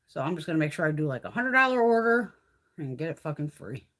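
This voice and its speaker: A woman's voice: deep voice, very animated, quick pace, a bit bright. A woman beauty vlogger chatting casually on a live stream while doing her makeup, blunt and full of swearing.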